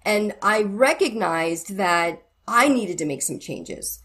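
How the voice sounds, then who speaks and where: A woman's voice: medium pitch, takes it slowly. A middle-aged woman, a guest who counsels wives, speaking frankly and earnestly in a candid interview. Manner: earnest and frank, retells conversations with animated quoting.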